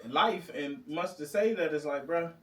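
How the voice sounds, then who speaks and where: A man's voice: on the high side, moderate pace, fairly bright tone, roomy sound, far from the mic, rough recording. A man, a recording artist, talking casually and animatedly with friends, laughing and using a lot of slang. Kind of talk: casual chat.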